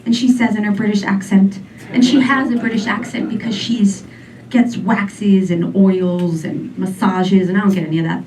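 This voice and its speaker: A woman in her forties doing a stand-up comedy set, rambling and deadpan, full of "um" and "like". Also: mid-range voice, normal speed. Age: 40s. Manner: rambling, filler-heavy, deadpan. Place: comedy club stage. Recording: distant mic with faint room noise.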